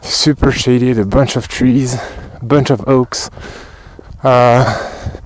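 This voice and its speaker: A man with a French accent talks his way along an outdoor hiking trail on a cold day, pointing things out as he films. He sounds slightly out of breath, his voice sits at a middling pitch, and he drifts into quiet muttered asides between remarks. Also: fairly even intonation, slow, low-quality recording. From France. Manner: chatty, muttering asides while walking. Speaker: hiking vlogger. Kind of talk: casual walking commentary.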